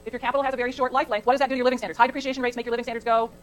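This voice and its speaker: A woman's voice: fairly high pitch, little pitch movement, very fast, poor audio. A middle-aged woman from California giving a chatty classroom lecture, digressing into anecdotes and asking the class questions. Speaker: college lecturer. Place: lecture hall.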